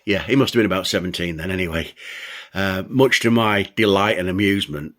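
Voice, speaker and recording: A man's voice: sits low, a little fast, a bit bright. An older man, a show host, telling a childhood story and laughing as he goes. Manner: amused, laughs between lines.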